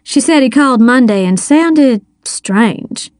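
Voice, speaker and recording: A woman's voice: a little high, lively intonation, slow, a little mellow, no echo, studio quality. A woman reading an audiobook, voicing a wry, protective older woman. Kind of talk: audiobook character voice.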